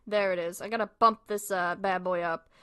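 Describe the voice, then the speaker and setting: A woman's voice: lowish voice, steady tone, brisk, a bit bright, clear, resonant tone. A woman hosting a live stream, chatting casually, giggling and apologizing a lot as she comments on videos. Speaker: stream host.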